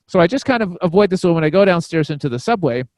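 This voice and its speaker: Man, comedian, podcast guest, casual storytelling, rambling, fillers, fairly high voice, dry close sound. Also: animated, fast talker, a little mellow, no echo. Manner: rambling, many fillers and restarts; acts out quoted voices.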